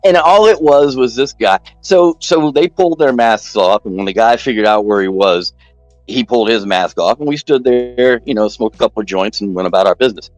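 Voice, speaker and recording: A man telling a long story in casual chat, rambling and animated, jumping up in pitch when he quotes people. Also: fairly quick, faint music behind, low-quality recording.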